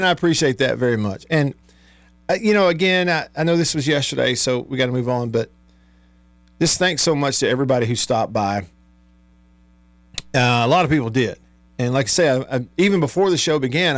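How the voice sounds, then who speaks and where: A man's voice: medium pitch, no echo. A man hosting a casual sports talk radio show, chatty and easygoing, often laughing as he reads listener texts in a studio. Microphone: studio microphone.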